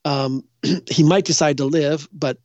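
A man's voice: a little high, fairly even intonation, a little slow, darkish tone, dry recording. Rambling older man telling stories. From Minnesota, US. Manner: rambling, with many restarts and fillers. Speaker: guest psychic. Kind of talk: casual interview storytelling. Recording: dull, dry lo-fi sound.

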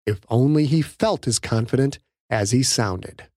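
A man narrating his own novel as an audiobook, reading in a dramatic, lively way. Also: mid-range voice, measured pace. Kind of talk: scripted narration.

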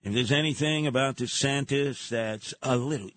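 A man's voice: mid-range voice, normal speed, hardly any pauses. A man hosting a talk radio show, ranting in a monologue and slipping into mocking impressions. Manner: animated, jumping into mocking impressions.

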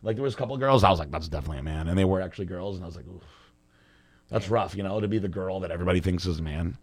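Male podcast co-host, casual storyteller, crude and lively. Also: sits low, very fast. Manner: loose, profane, animated storytelling.

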